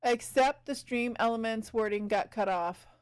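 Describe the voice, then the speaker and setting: A woman streamer chatting casually as she paints. Her voice is smooth and clear, and she keeps up an easy back-and-forth with her viewers while she works. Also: on the high side, normal speed. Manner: chatty, talks to chat while working.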